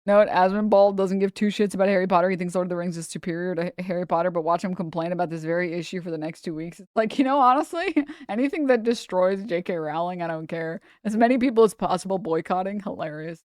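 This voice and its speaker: A woman's voice: lowish voice, quick pace, few pauses, a little mellow, dry recording, clean studio sound. A young adult woman hosting a live stream, chatting casually in slangy, profane, irreverent banter. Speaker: streamer host.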